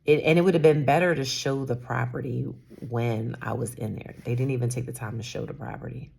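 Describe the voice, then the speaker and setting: A woman's voice: rumbling low, steady tone, a little fast, vocal fry, a little mellow, breathy edge. A woman in her fifties, a salon owner, talking candidly and rambling a little in a personal vlog, sometimes dropping to a whisper. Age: 50s.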